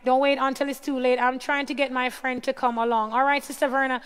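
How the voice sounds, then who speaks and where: A woman's voice: sits high, level tone, fast talker, clean tone. A woman hosting a casual livestream, reading out viewers' names one by one, her voice a little tired. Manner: reads out viewer names and greets them warmly one by one. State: voice tiring. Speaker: livestream host. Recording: long hall reverb.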